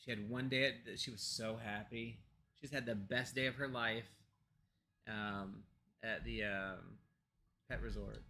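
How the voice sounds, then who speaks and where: His voice sits on the low side with fairly even intonation and a measured pace. He's an American man co-hosting a pagan discussion show from his home computer, chatting casually with many fillers and restarts while occasionally turning quietly to his pets.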